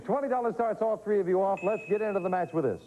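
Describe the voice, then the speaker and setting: A man hosting a quiz show, reading questions and joking with contestants in quick patter, on a noisy 1980s TV tape. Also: sits high, dull audio. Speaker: game show host.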